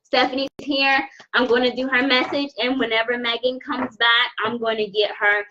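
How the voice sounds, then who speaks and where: A woman giving a live tarot reading, talking slowly with many restarts as she holds back tears. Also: on the high side, flat delivery, highs cut off, slight background noise. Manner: warm, emotional, halting with many restarts. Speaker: tarot reader. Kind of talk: live-stream card reading.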